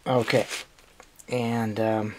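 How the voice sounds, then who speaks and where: Halting, chatty man unboxing a puzzle. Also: on the low side, little pitch movement, darkish tone, slight background noise. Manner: hesitant, halting, full of restarts and small laughs. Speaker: puzzle channel host. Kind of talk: casual unboxing chat.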